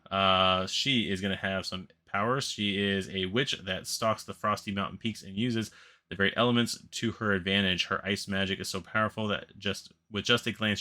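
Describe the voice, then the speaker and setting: Low, sharp-toned rambling man. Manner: rambling, self-correcting, laughs at his own slips. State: sleepy. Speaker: board game channel host. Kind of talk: casual solo commentary on a crowdfunding campaign.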